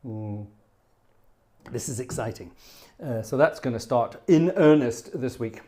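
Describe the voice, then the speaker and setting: A man's voice: medium pitch, measured pace, a little mellow. A man hosting a livestream, chatting casually in a rambling way and laughing often. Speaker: livestream host.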